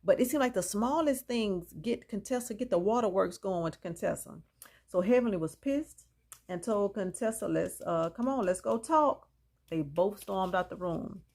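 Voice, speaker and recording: A woman's voice: mid-range voice, moderate pace, mellow. A woman chatting through a reality TV episode recap, opinionated and gossipy, talking straight to her viewers. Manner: opinionated, chatty, mixes in reactions. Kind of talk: casual gossipy show recap.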